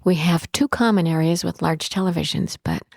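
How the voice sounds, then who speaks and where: A woman's voice: lowish voice, moderate pace, gravelly, darkish tone, no echo, clean studio sound. A woman who owns a bed and breakfast, telling stories in an interview in a chatty way, with frequent restarts. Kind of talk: storytelling in an interview.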